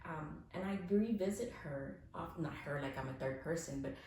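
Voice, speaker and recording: A woman's voice: deep voice, normal speed, a little hiss or hum. Frank, echoey woman around forty. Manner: frank, swears freely, swings from soft reflection to animated laughing. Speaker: podcast guest. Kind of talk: candid conversational storytelling. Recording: very echoey room.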